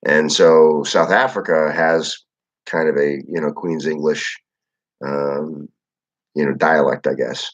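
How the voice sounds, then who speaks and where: A young man with a very low voice rambles through a live chat, loose and relaxed. His talk is full of filler words and casual swearing. The audio is dull and lo-fi. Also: slow. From Michigan, USA. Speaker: livestream host reading chat.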